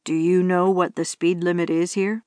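A woman voicing a tall male police officer, speaking firmly, calmly and patiently. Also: fairly low pitch, no room sound, natural voice. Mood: patronizing. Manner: firm, measured, patient.

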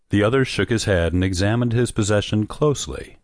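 A man with a deep, low voice reads a classic short story in measured, steady narration. The recording is dry and close, with no room sound. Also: no room sound. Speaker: audiobook narrator. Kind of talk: scripted narration.

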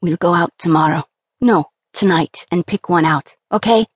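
A woman reading the lines of a joyful young man who has just proposed, in a warm, tender tone, for an audiobook. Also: fairly low pitch, normal speed, breathy edge, dry recording, clean studio sound. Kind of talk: audiobook character voice.

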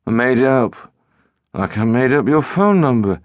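A man's voice: medium pitch, normal speed, no echo, clean studio sound, close to an everyday voice. A man voicing a mysterious teenage boy on the phone in an audiobook, evasive and tetchy. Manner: evasive, flat insistence turning tetchy. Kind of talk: audiobook narration.

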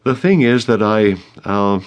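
A withdrawn, unhappy teenage boy from a storybook, speaking quietly and haltingly, as a male narrator puts him on. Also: fairly low pitch, animated, clean tone, pitched above the performer's own voice. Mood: hesitant. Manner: hesitant, quiet.

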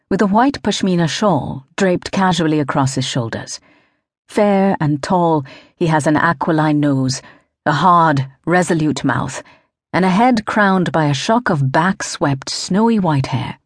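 A young woman with a low voice narrates a novel in the first person. Her delivery is composed and descriptive, and it sits dry and close to the studio mic. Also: a little mellow, husky, no echo. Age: young adult. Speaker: audiobook narrator.

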